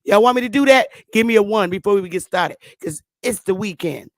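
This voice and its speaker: A woman hosting her own channel, chatting to viewers in a loose, profane way, laughing often and stammering when she gets excited. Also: mid-range voice, brisk, dry recording, studio quality. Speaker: channel host. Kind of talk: casual commentary to viewers.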